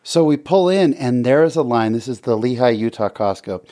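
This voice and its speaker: A middle-aged man hosting a talk show, telling stories in a lively, joking way and laughing often. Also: mid-range voice, moderate pace. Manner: animated storyteller, laughs often. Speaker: radio show host. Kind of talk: casual talk-show chat.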